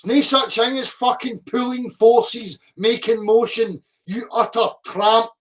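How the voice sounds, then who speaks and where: A man's voice: very high voice, fairly even intonation, a little slow, a bit bright. A middle-aged man, ranting profanely at viewer comments, abrasive and mocking. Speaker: flat earth video commentator. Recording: voice a bit distant from the mic.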